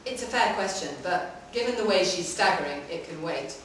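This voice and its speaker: A woman giving a live, measured reading of a short story in a public library room. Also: on the low side, lively intonation, a bit bright, a little hiss or hum. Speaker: reader. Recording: echoey hall from far off.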